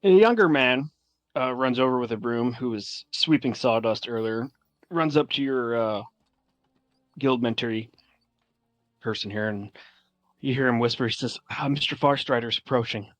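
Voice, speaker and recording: A man's voice: mid-range voice, unhurried, long pauses, no room sound. A man narrating a tabletop game as game master, casual and rambling with many fillers.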